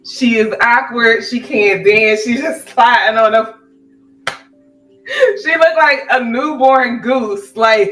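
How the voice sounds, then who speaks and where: Casting: a bright, animated woman chatting casually, away from the mic. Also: fairly high pitch, far from the mic. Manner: animated, laughing storytelling. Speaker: podcast co-host. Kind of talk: casual chat. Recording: roomy, from the mic, faint music.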